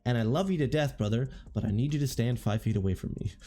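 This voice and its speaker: A hoarse man casually recounting events in a relaxed, rambling way with frequent restarts. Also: mid-range voice, fast talker. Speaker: tabletop wargame content creator. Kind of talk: relaxed spoken recap.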